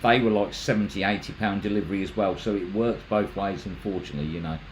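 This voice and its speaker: A man's voice: low voice, fast talker, slight background noise, rough recording. Chatty man hosting a livestream. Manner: chatty, rambling, stumbles and restarts. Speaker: magnet fishing channel host. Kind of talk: casual livestream chat reading viewer comments.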